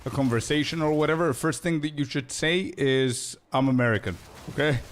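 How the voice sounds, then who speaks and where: A man's voice: on the high side, moderate pace, slight background noise. A man streaming a game, chatting casually with viewers in a laid-back, slangy way and laughing often.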